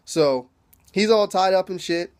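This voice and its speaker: Male YouTube reviewer, slightly high voice, loose and slangy, chuckles through his recap. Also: a little slow, a little mellow. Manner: laughs often, slangy, rambling. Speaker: TV episode reviewer. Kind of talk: casual recap with profanity.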